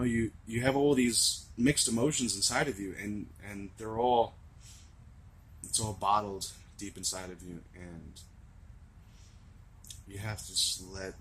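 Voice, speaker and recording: A young man with a raspy voice, talking earnestly and rambling to camera in a confessional vlog. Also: fairly low pitch, slight background noise. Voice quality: raspy from screaming. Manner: earnest, rambling, swings from shouting to laughing to soft musing. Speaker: vlogger.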